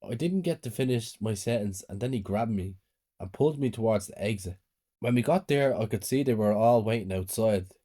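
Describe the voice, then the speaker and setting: A man calmly narrating a scripted first-person horror story. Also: lowish voice, normal speed, husky.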